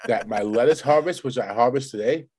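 A man's voice: medium pitch, brisk, a little mellow, breathy edge. A man co-hosting a podcast, joking around in casual banter and swearing freely. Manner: profane, joking, laughs often. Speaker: podcast co-host.

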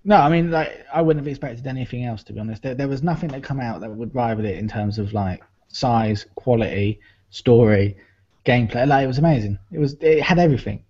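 A man in a casual podcast chat, talking enthusiastically with some halting restarts. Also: medium pitch, darkish tone, slightly rough. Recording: dull lo-fi audio.

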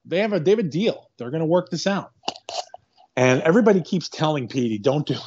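Male podcast co-host, rambling animated recapper, a bit high, muffled lo-fi audio. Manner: rambling, animated retelling with quick quoted asides. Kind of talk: casual movie-recap chat. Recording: dull lo-fi sound.

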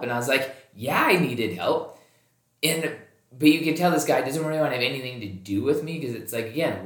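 A man in the middle of his range spins a casual tale, swearing freely and slipping into the voices of the people he quotes. His voice carries a noticeable room echo, as if recorded in a bare space. He talks the way a podcast host talks with a friend. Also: mid-range voice. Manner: animated, acts out quoted dialogue, swears freely. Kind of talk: casual storytelling. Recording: roomy echoey recording.

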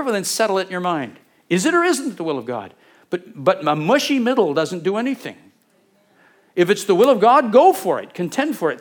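A man preaching a sermon, talking animatedly and acting out Bible scenes in different voices. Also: high voice. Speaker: pastor.

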